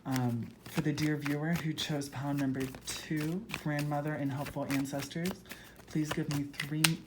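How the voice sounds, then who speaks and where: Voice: mid-range voice, level tone, moderate pace, background noise. Gushing, emotional tarot reader. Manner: gushing, emotional, earnest, spiritual. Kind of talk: spoken tarot reading to viewers.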